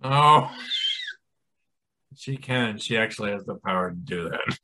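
A man's voice: fairly low pitch, animated, a little slow, pushed and bright. A man hosting a comedy podcast, trading crude, teasing jokes. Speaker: podcast host. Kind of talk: casual comedic banter.

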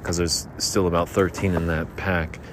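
A man's voice: sits low, little pitch movement, normal speed. Rambling man ranting outdoors. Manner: rambling, repetitive, erratic shifts between shouting and muttering. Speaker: podcaster. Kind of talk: rambling improvised comedy skits. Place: outdoors near a road at night. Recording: faint background noise outdoors.

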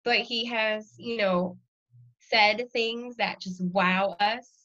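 A woman in her thirties, a guest in a casual conversation, tells stories full of laughter and lively quoted voices. She speaks slowly at a medium pitch, and the recording is muffled.

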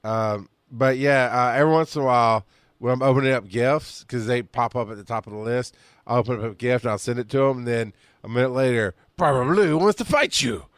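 A man's voice: mid-range voice, fairly even intonation, brisk, clean tone, dry recording. Podcast co-host, man, mid voice, dry close mic, jokey and teasing. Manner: joking, teasing, breaks into put-on voices. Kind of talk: casual podcast chat.

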